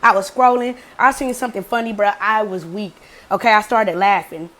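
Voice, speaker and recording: A young adult woman vlogger tells a story casually, swearing freely and acting out the quotes in an animated, profane way. Her voice is medium in pitch and her pace is moderate.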